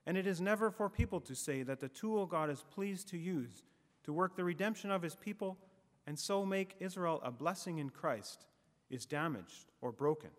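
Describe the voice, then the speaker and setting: A man preaching a sermon in a measured, emphatic way, letting his phrases fall away at the ends. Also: high voice, in a large hall.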